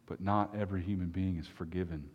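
Earnest low-voiced preacher in a hall. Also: male voice, fairly even intonation, husky, dull audio. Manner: earnest, emphatic, with long pauses. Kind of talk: sermon.

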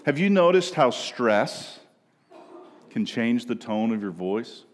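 A man from Minnesota preaching a sermon in a conversational way, often asking "right?" and moving between quiet and loud passages. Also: medium pitch, very animated, takes it slowly. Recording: long reverb of a large room.

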